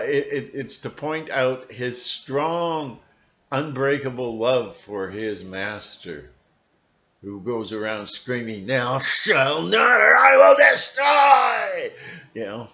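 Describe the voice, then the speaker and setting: A man hosting his own channel in a casual, rambling monologue, chuckling and stopping to rephrase himself. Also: mid-range voice. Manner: rambling, chuckling, frequent fillers and restarts. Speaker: channel host. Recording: dull lo-fi recording.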